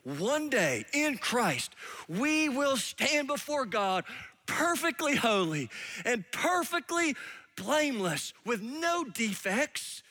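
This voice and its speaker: A male preacher delivering a sermon, animated and emphatic, dropping now and then into soft, hushed asides. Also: very high-pitched, slow.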